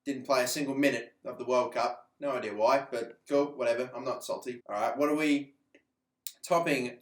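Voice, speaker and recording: A man's voice: mid-range voice, normal speed, reverberant. A man with an Australian accent, a YouTuber giving chatty, teasing, slang-heavy casual commentary.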